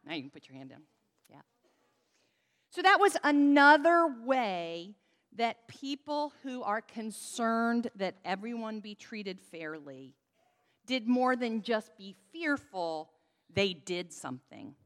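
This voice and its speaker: Holding a microphone in a church sanctuary, a woman pastor delivers a children's message and draws the congregation into call-and-response. Her voice is on the high side, a bit bright, very animated, and slow, echoing with long church reverb.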